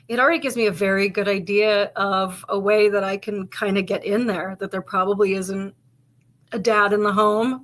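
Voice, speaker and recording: A woman's voice: mid-range voice, a bit bright. A woman police officer co-hosting a casual chat show, telling stories in a loose, rambling way full of "like" and the odd swear word. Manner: chatty storytelling, heavy with "like", casual swearing. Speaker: podcast co-host and police officer.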